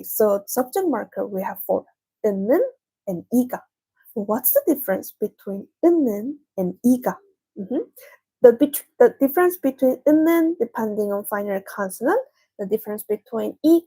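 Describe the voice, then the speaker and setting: A woman teaching a language lesson, patiently explaining and repeating examples slowly. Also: a little high, darkish tone, slightly rough.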